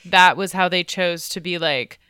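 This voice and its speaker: A woman's voice: on the low side, moderate pace, pushed and bright, clear, resonant tone, no room sound, clean studio sound. A woman co-hosting a podcast, chatty and hedging, with many fillers and restarts. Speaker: podcast co-host. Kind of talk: casual chat.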